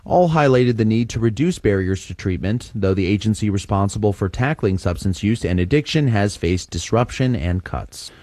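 A male correspondent gives a calm, level news report in a lowish voice. The sound is dry and close, with no room around it. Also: normal speed, few pauses, no echo.

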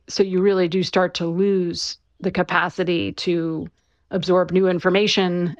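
Low-voiced woman explaining clearly. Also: no room sound, muffled recording. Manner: conversational, clear, with frequent fillers like "you know" and "right". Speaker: author and interview guest. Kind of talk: explanatory interview answers.

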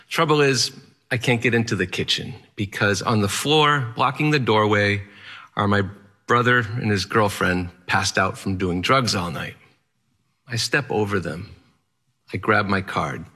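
Man telling his own story, kinda low voice but bright and punchy, earnest with a dry edge. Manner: earnest, plainspoken, wry. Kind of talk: first-person storytelling talk.

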